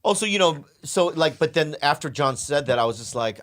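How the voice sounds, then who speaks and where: A man co-hosting a comedy podcast in casual chat. He sounds exasperated and animated, swears a lot, stumbles over his words and repeats himself. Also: a little high, brisk, no echo. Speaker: podcast co-host.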